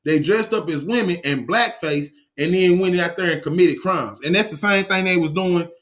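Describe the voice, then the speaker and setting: A man's voice: high voice, moderate pace, a bit bright. A man giving a ranting monologue lecture in a profane, emphatic and confrontational manner, often restarting his sentences. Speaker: online lecturer.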